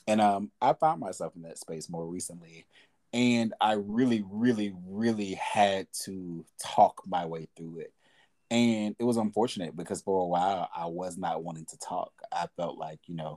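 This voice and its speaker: A young podcast host talks candidly and conversationally about hard times in a reflective monologue, with fillers and repeated words. His voice sits low with a darkish tone, fairly even intonation, and a moderate pace.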